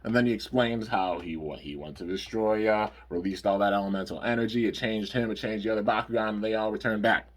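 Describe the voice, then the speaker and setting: A man's voice: lowish voice, fairly quick, hardly any pauses. A man casually recapping cartoon episodes in a rambling review. He uses lots of fillers and stops to correct himself.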